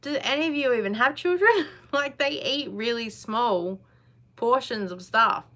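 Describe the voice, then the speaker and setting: A woman's voice: fairly high pitch, measured pace, fairly bright tone. A woman, hosting a casual live chat, chatty and blunt, laughing often. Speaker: live stream host.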